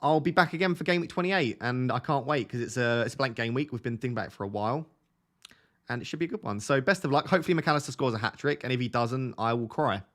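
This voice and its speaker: A young man from Essex with a softened Essex accent, chatting casually on a live stream, reading out viewer questions and laughing often. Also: mid-range voice, fast. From Essex, England. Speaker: fantasy football streamer.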